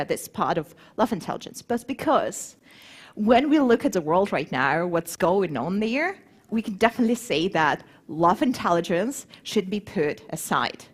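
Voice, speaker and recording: A woman speaking to a live audience in a planetarium, lively and animated, putting questions to the crowd as she goes. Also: mid-range voice, normal speed, breathy edge. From grew up between Moscow and Warsaw. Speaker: conference speaker.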